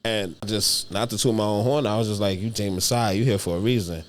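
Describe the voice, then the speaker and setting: A man's voice: fairly low pitch, fairly even intonation, brisk. A young adult man, telling a story as a comedian guest on a podcast in a casual, slangy, profane way. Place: podcast studio.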